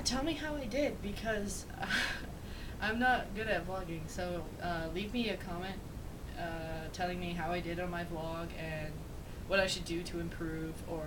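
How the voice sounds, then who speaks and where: A woman's voice: on the low side, noisy background. A woman giving a rambling, giggly tour of her bedroom in a casual vlog, swearing offhand. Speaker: vlogger.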